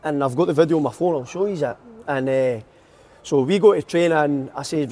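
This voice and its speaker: A man's voice: a little high, a little fast, warm tone. A young Scottish man, a footballer telling stories in a casual podcast chat, laughing often. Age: young adult. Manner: chatty storyteller, laughs a lot.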